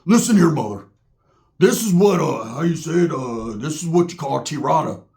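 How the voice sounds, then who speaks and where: A man's voice: fairly high pitch, lively intonation, moderate pace, creaky, darkish tone. A man voicing a rowdy white ex-con biker who drawls and calls everyone brother. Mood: explaining. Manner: drawling, laid-back, says brother constantly.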